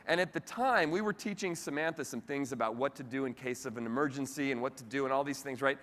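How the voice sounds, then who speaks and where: Bright-voiced man giving a keynote. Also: medium pitch, fast. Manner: lively, conversational, addresses audience directly. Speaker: keynote speaker. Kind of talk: motivational keynote talk. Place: convention hall with live audience. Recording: reverberant convention hall.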